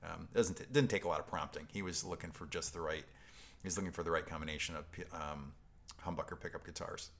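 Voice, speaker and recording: Deep-voiced male host from upstate New York; loose, chuckling live-stream chatter that wanders off topic. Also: fairly even intonation, quick pace, vocal fry. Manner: rambling, self-interrupting, chuckling. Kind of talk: casual live-stream chat reading viewer comments.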